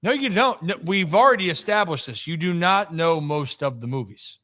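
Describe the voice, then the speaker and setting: Bright-voiced energetic sports talk host. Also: male voice, a little high, moderate pace. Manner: energetic, animated, teasing. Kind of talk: casual sports talk show.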